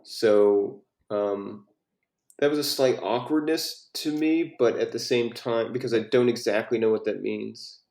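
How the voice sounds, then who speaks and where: A man leading a poetry workshop in a casual way, asking questions and reading lines of verse quietly. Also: mid-range voice, measured pace, vocal fry. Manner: inquisitive, reads verse softly. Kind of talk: casual critique and reading aloud. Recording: echoey room.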